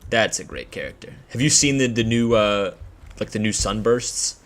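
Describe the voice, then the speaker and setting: Young dude chatting over a game, slangy and rambly, lowish voice. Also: male voice, big pitch swings, moderate pace, fairly bright tone. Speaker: gameplay commentator. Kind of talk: casual let's-play commentary.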